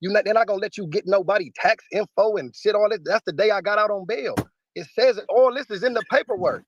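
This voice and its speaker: A man's voice: high-pitched, fast, no room sound, muffled recording. A man speaking in a heated interview, combative, emphatic and profane. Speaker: battle rapper interviewee.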